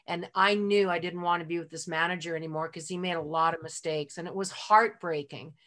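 A middle-aged woman appears as a podcast guest, chatting through stories from her career with lots of "like" and "you know." Her lowish, slightly bright voice moves a little fast with fairly even intonation, and she comes across as heartfelt and openly emotional.

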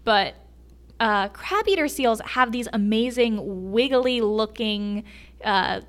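A woman with a bright, crisp voice chats as a podcast guest. She tells animal stories with open enthusiasm and laughs along the way. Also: a little high, lively intonation, slow pace. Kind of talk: casual storytelling chat.

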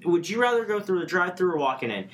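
A man's voice: high-pitched, very animated, fast, slight background noise. A man co-hosting a podcast in casual chat, easygoing and agreeable, talking loosely. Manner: easygoing, agreeable, lots of fillers like "like" and "you know". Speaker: podcast co-host.

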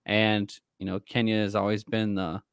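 Co-hosting a podcast in a casual chat, a man tells animated stories and laughs along. His smooth voice sits on the low side at a moderate pace, recorded dry and close with no room echo.

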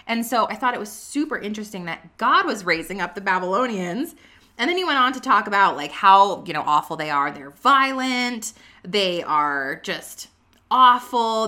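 A woman vlogging casually about her faith, chatty and earnest, full of "like" and "you know", reading scripture aloud with quick personal reactions. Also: medium pitch, pushed and bright. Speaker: vlogger sharing a faith and business update. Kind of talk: casual faith vlog talk.

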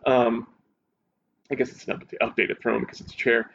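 A man's voice: mid-range voice, brisk, gravelly. Casual male co-host, eager storyteller, slightly muffled audio. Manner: excited, animated recounting of a show. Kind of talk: casual chat. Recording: dull audio with faint hiss.

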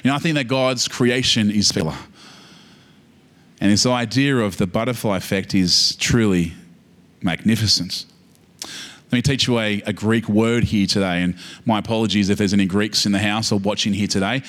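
A man with an Australian accent preaching a sermon, animated and humorous, building to emphatic peaks. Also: lowish voice, moderate pace. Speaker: pastor. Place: church service.

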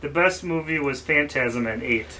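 A man's voice: fairly high pitch, moderate pace, bright, forceful tone. A man co-hosting a casual movie podcast, speaking hesitantly with fillers, a little away from the mic. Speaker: podcast co-host. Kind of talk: casual movie review chat. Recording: distant mic with faint noise.

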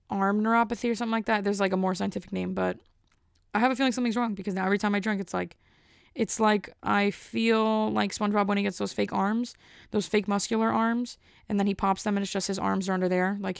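A young woman chatting alone on her podcast, rambling through a story and leaning on "like" at every turn. Her voice has a smooth, gravelly edge and stays level in pitch. It is recorded close and dry. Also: no echo. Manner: rambling, filler-heavy storytelling. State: a bit out of breath. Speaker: podcast host. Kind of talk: casual solo podcast chat.

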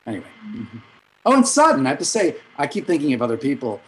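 A middle-aged man, a music director and vocal coach, telling rambling anecdotes in an interview, with quick asides and self-corrections. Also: mid-range voice, very animated, rough recording. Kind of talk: storytelling in an interview.

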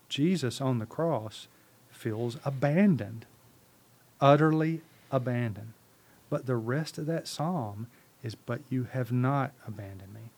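Guy on a podcast preaching hard, repeats himself, keeps asking "right?", normal mid voice. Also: medium pitch. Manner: emphatic, animated, rhetorical questions, repeats words. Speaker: podcast guest, ministry leader. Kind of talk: impassioned conversational preaching.

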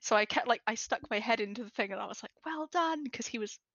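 Woman, podcast guest, animated storyteller, dull dry sound. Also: medium pitch, racing, no room sound. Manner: lively storyteller who acts out the voices she quotes. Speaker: podcast guest, larp player. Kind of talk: casual storytelling chat.

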